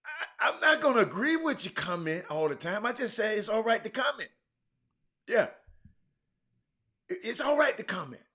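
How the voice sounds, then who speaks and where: A man hosting a live sports talk show, chatting with viewers by name, animated and repeating words as he goes. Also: sits high, normal speed, pauses often. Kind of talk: live-stream chat with viewers.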